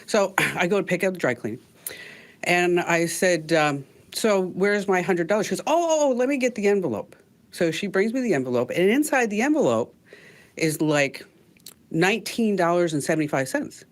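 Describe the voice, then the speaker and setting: Lively, laughing woman host. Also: lowish voice, moderate pace. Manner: animated storyteller, laughs often, acts out quoted voices. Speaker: radio show host. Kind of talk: casual chat, storytelling.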